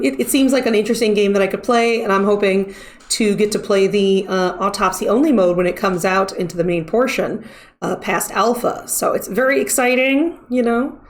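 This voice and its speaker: A woman streamer chatting casually as she wraps up a live stream, rambling with lots of fillers. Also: mid-range voice. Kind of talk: casual stream wrap-up chat.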